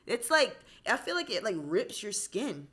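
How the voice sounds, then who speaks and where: A woman's voice: medium pitch, sing-song, unhurried, a bit bright, breathy edge. A woman from Florida on a podcast, chatting candidly and frankly with plenty of "like" fillers. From Florida, USA. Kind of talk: casual chat.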